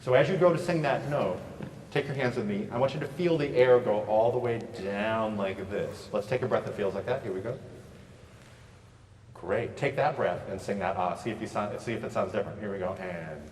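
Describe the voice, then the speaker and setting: A man leading a choir through warm-up exercises, upbeat and encouraging, heard from a distance in a large echoey hall. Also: fairly low pitch, slight background noise. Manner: upbeat, encouraging, quick praise. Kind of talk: choral warm-up instruction. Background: choir singing along.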